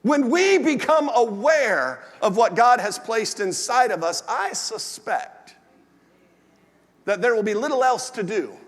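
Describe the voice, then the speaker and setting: A male pastor with a strikingly high voice delivers a sermon in an animated storytelling manner. His words ring out with a long reverb from a large church hall. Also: a little slow. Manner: animated storytelling with acted asides.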